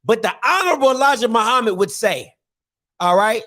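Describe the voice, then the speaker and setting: A man's voice: very high-pitched, lively intonation, fairly quick, sharp tone. A man hosting a call-in show, preaching his points hard and ending them with "okay?". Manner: emphatic, punctuates points with "okay?". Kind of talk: fiery radio talk.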